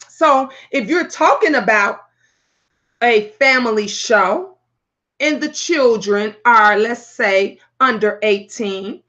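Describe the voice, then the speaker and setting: A loud, brash woman hosts her own talk show, cursing freely as she tells animated stories. Her voice sits high and bright, and the audio is slightly muffled and lo-fi. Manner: brash, profane, animated storytelling. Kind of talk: casual vlog talk.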